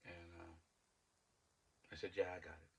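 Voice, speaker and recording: A man hosting a podcast, telling a personal story about coaching youth baseball, reflective and animated as he retells it. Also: low-pitched, normal speed, vocal fry, recorded from a distance, slight background noise, poor audio.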